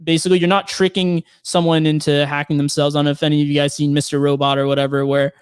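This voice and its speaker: Smooth-voiced man explaining at length. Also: on the high side, level tone, quick pace, no echo, studio quality. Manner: explains at length with many fillers and restarts. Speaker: penetration tester, guest. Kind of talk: casual podcast conversation.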